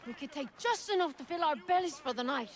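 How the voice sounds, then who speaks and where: An actress playing a poor street beggar in a video game, begging in a weary way. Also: female voice, high voice, expressive, fast talker.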